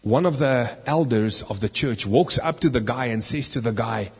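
A man preaching a sermon as an animated story, now and then rising loud for the key lines. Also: medium pitch, normal speed, few pauses, husky. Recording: long reverb in a hall.

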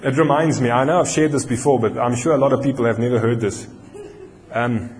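South African preacher, slow emphatic delivery. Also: male voice, mid-range voice, slight background noise. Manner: animated storytelling, slows down for emphasis. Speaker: pastor. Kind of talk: sermon with personal story. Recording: long hall reverb.

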